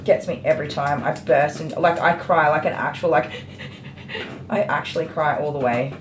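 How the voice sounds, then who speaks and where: A woman's voice: deep voice, fairly even intonation, moderate pace, a little hiss or hum. A woman who is a dog groomer, chatting casually on a livestream while she works and answering viewers by name. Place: grooming salon, indoors.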